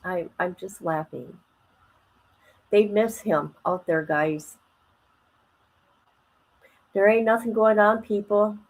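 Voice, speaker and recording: A woman's voice: medium pitch, slow, long pauses, low-quality recording. A woman hosting a casual livestream, chatting colloquially, reading viewer comments aloud and laughing often. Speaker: livestream host.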